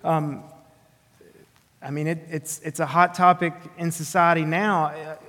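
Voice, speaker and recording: A man's voice: fairly high pitch, flat delivery, a little slow, fairly bright tone, long reverb tail. A man with a Southern drawl preaching an earnest, emphatic sermon, often restarting his phrases. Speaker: pastor.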